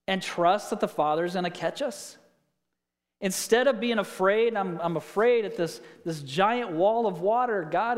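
A male pastor delivers a sermon in a high, light voice, weaving stories together with rhetorical questions to the congregation. His voice rings out with the long reverb of a large hall.

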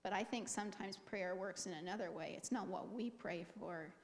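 A middle-aged woman shares a personal testimony, telling it in a lively, expressive way. Her voice sits at an ordinary middle pitch. It rings out with the long reverb of a large hall. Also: normal speed.

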